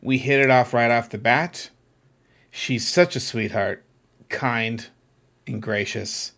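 A man hosting his own podcast, telling a personal story in an earnest, reflective way that turns animated when he gets excited. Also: mid-range voice, slow pace. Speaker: podcast host. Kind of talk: casual storytelling monologue.

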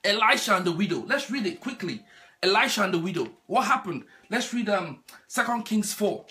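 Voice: mid-range voice, lively intonation, a little fast, pushed and bright, soft background music. A preacher delivering a sermon, repeating key phrases and asking the congregation rhetorical questions.

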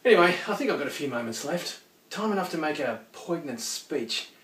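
Guy doing a dramatic dying alien hero, vain about his chin, bright voice, echoey room far off. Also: fairly high pitch, expressive, fairly quick. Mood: grandly dramatic. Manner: melodramatic, self-important dying speech. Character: dying time-traveling male alien, theatrical and vain. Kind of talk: fan comedy sketch acting.

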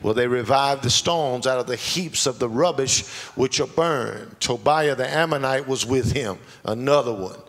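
A pastor preaching a sermon, moving between quiet asides and shouted lines, laughing along the way. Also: male voice, medium pitch, moderate pace, few pauses. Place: church sanctuary. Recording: long church hall reverb, faint ambience.

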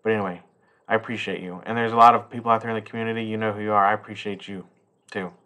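A man's voice: on the low side, flat delivery, racing, sharp tone. Rambling, profane man unboxing toys. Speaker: toy collector vlogger. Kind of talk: casual unboxing chat.

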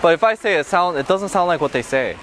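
A man's voice: high-pitched, lively intonation, fast. Chatty man vlogging in a noisy store. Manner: chatty, laughs often, playful. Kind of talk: casual vlog chat. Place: supermarket, indoors.

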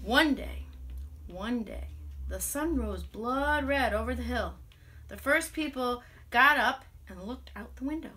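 A woman music teacher telling a children's story aloud, animated and expressive, with playful sound effects. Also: a little high, unhurried. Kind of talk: storytelling to children with ukulele song.

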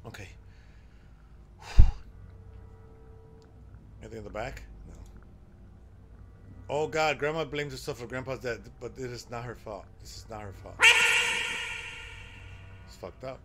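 A man giving live commentary while playing a horror game, excitable and exclaiming and swearing at the scares. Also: mid-range voice, a little slow, long pauses, slight background noise. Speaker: game streamer.

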